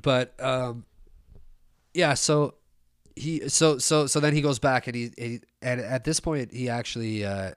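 A man's voice: medium pitch, a little slow, clean tone, no echo, clean studio sound. A man telling a story in a casual, rambling way, swearing and stumbling over fillers and restarts.

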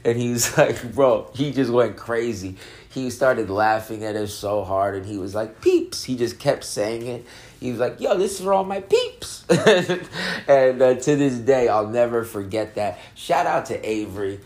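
A man's voice: on the low side, normal speed, a little mellow. A man hosting a casual podcast, stoned and laid-back, rambling and laughing often as he talks about music. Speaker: podcast host reviewing music. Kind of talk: casual chat.

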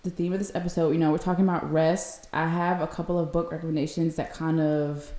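A woman's voice: low voice, level tone, quick pace, mellow, echoey room. A woman podcast co-host in casual chat, reacting with laughter and giving book recommendations.

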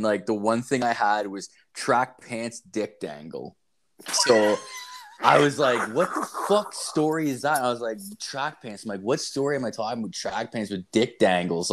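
Guy with a lowish voice cohosting a podcast, swears a lot, rambles through stories. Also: slight background noise. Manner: profane, rambling storytelling. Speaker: podcast co-host. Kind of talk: casual chat.

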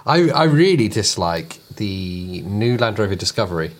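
A man with a fairly low voice co-hosting a podcast. He drops short reactions and keeps the chat moving with quick questions. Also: very animated, faint music behind. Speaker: podcast co-host. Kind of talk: casual banter.

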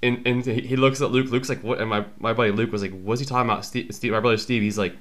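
A man in his twenties, hosting a podcast, telling animated self-mocking stories in casual chat. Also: mid-range voice, fast. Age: 20s. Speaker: podcast host.

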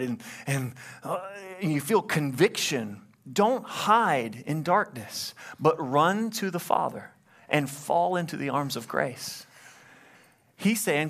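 A man preaching as a pastor in a church, pleading and impassioned, swelling loud and then dropping low during an altar call. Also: lively intonation, a little slow. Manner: impassioned, rising to loud climaxes then hushed. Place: church sanctuary, livestreamed.

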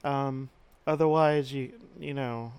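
A man hosting a podcast, giving a rambling, self-deprecating casual intro with halting restarts. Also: medium pitch, steady tone, darkish tone, smooth, dry recording. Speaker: podcast host.

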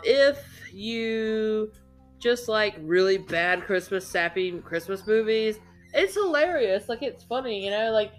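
Chatty woman with slightly high voice. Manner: chatty, expressive, laughs often. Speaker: podcast co-host. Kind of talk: casual movie review chat.

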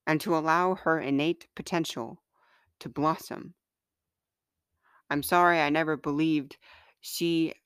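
Woman, author reading her own confessional letters; slow, smooth, close dry sound. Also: low voice, no room sound.

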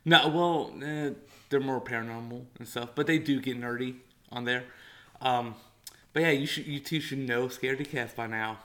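A young man hosts a casual podcast with a bright, forceful voice. His talk is loose and full of fillers, and he swears and laughs easily. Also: medium pitch, moderate pace. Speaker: podcast host. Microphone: one shared mic among three.

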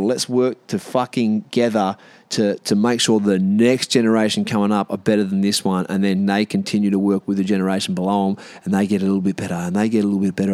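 An Australian man rants on his solo podcast from inside a caravan with the doors open, in a lowish, slightly mellow voice with no room sound. He's blunt and swears freely, says "mate" a lot, and restarts sentences as he thinks aloud.

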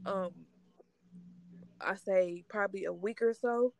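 A woman speaking in a halting, tearful way, sharing her grief in a casual conversation. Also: mid-range voice, vocal fry, no room sound, rough recording. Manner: halting, tearful, trying not to cry. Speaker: grieving sister sharing her story.

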